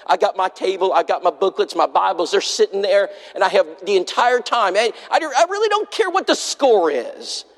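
A man preaching in a church, telling his story with lively, acted-out quotes. His voice sits a little on the high side for a man, and a long hall reverb trails after each phrase. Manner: animated storytelling that acts out the people it quotes. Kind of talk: storytelling sermon. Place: church sanctuary.

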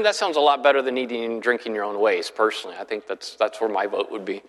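A man's voice: fairly low pitch, fast, few pauses, a bit bright. A man teaching a Bible class in a conversational way, often putting questions to his listeners. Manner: conversational, keeps asking the class rhetorical questions. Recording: long hall reverb.

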